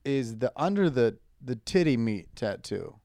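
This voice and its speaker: A man's voice: mid-range voice, animated, a little slow, dark tone, no echo, clean studio sound. A man co-hosting a podcast, a stand-up comedian in crude comedic banter, laid-back, trailing off and acting out voices in his stories.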